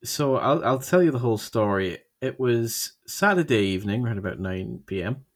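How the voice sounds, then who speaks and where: A man's voice: mid-range voice, expressive. A young man with a Birmingham accent, co-hosting a podcast and telling a rambling story in casual chat. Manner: rambling storyteller, slows down for emphasis. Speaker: podcast co-host.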